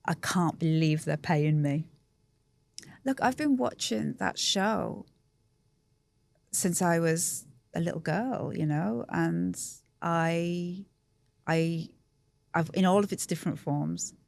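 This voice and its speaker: A woman's voice: on the low side, slow, creaky, pauses often, darkish tone, dry recording. A middle-aged woman, a guest on a podcast talking candidly and with self-deprecating humour. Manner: chatty, self-deprecating, emotional.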